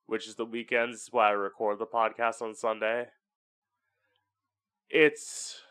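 A man's voice: on the low side, flat delivery, slow pace, a bit bright, smooth. A man hosting his own podcast from home, talking in a candid, chatty way and swearing freely. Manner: chatty and candid, swears often, acts out voices for effect. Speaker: podcast host. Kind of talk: casual solo podcast monologue.

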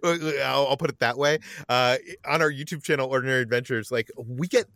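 A man hosting a casual podcast chat, talking in a relaxed way with many hedges. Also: medium pitch, fairly quick, no echo, clean studio sound. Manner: relaxed, conversational, hedging with "like". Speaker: podcast host.

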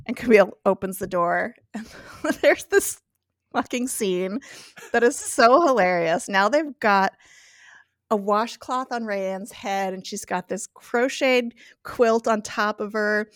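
A woman's voice: mid-range voice, slow pace, dry recording, studio quality. A woman guest on a podcast who chats casually as she recaps an episode, often laughing and acting out the characters' lines. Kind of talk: casual chat.

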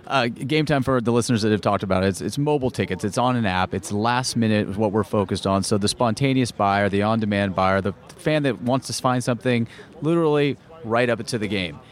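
A man as a radio interview guest, explaining his company in an upbeat, pitch-like way. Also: fairly quick. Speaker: guest, ticket company spokesman.

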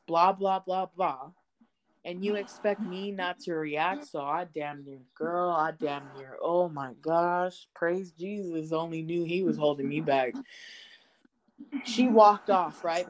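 A woman co-hosting a podcast from home, telling a story in casual chat, animated and profane, acting out the quotes. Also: on the low side, a little hiss or hum, low-quality recording. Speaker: podcast co-host. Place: home, indoors.

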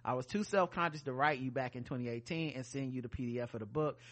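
Reading listener mail on a laid-back podcast, this co-host adds jokes between the emails. He talks at a quick pace in a mid-range, fairly bright voice.

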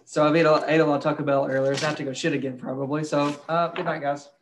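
A man's voice: a little high, level tone, rapid-fire, a little hiss or hum. A young man co-hosting a casual podcast, crude and joking, swearing freely. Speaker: podcast co-host.

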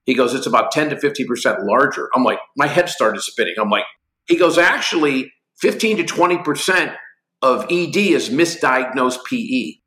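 A man in his sixties, a guest in an interview, telling lively anecdotes and acting out both sides of conversations. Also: medium pitch, normal speed, roomy sound. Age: 60s. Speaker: guest, company executive. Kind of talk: animated storytelling interview.

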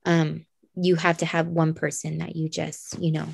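A woman's voice: deep voice, monotone, moderate pace, vocal fry, slightly rough, dry recording, studio quality. A woman who homeschools her children, talking earnestly as a podcast guest and repeating phrases for emphasis. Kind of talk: casual podcast chat.

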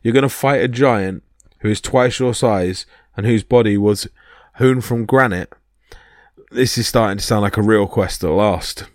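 A man's voice: on the low side, measured pace, no echo, studio quality, natural voice. A man voicing a cautious, boastful male war god who is wry and warns others.

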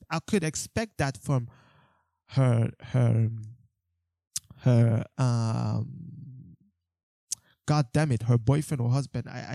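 A man's voice: a little high, dark tone, dry recording, clean studio sound. A young man telling a story about his street photography in a casual, rambling way, with lots of fillers, restarts and some swearing. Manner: swears when exasperated.

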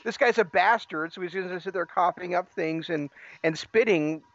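A man co-hosting a casual podcast, teasing his partner in quick banter. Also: sits high, a bit bright, dry recording. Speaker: podcast co-host. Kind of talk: casual chat. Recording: dull lo-fi audio.

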